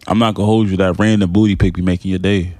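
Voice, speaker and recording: A man's voice: low voice, little pitch movement, fast, darkish tone, no echo. Young guy on a podcast, crude joker, lots of ums, dry close mic. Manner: crude, teasing, hesitant fillers. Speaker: podcast co-host. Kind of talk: casual chat.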